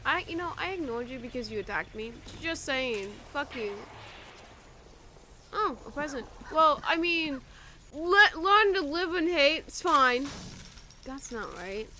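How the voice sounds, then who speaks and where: A high-pitched woman playing through a video game on stream. She reacts excitably, swears often, and breaks into yelps and laughter. Clear noise sits in the background. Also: measured pace. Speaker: gaming streamer. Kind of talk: let's play commentary.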